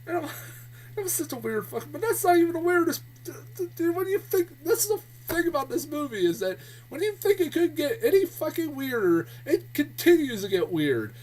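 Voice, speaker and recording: A man delivers a casual, foul-mouthed movie review in a heavily exasperated tone, often breaking into laughter. His pitch leaps up and down with animation. His voice sits at a slight distance from the mic. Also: very animated, fairly quick, darkish tone. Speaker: film reviewer.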